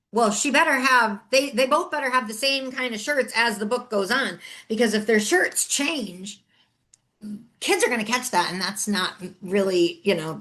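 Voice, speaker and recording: A middle-aged woman, a podcast host and author, telling a story in a chatty, animated way and acting out the other people's lines. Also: mid-range voice. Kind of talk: solo storytelling chat.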